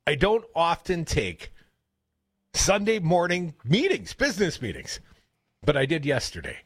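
A man with a Wisconsin accent hosting a radio show, telling rambling stories in a casual, animated way. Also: on the high side, measured pace, breathy edge, dry recording. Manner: chatty, rambling storyteller, animated. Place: radio studio. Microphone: studio broadcast mic.

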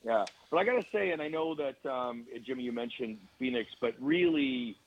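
A man's voice: medium pitch, animated, normal speed, dull audio. A man from Southern Ontario with a Canadian accent, chatting casually as a radio guest.

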